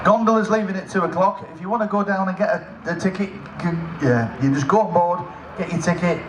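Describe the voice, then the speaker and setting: A man's voice: high voice, a little fast. A man making chatty announcements at an outdoor lakeside event, joking about himself between notices. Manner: chatty, self-mocking jokes between notices. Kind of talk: casual public announcements over a PA. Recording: echoey PA sound with outdoor noise.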